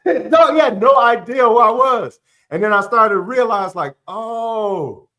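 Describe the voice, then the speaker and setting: A man's voice: sits high, normal speed. A man on a podcast, telling casual, slangy stories and acting out the voices in them. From Chicago area. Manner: animated, slangy, acts out voices in his stories. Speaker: podcast guest. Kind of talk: casual storytelling chat.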